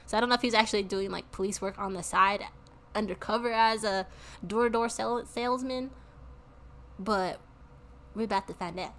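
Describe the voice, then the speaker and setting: A woman's voice: medium pitch, moderate pace, pauses often, fairly bright tone, a little hiss or hum. A woman streaming a game, chatting casually with her viewers and often laughing. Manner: chatty, laughing, talks to chat. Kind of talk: casual let's-play commentary.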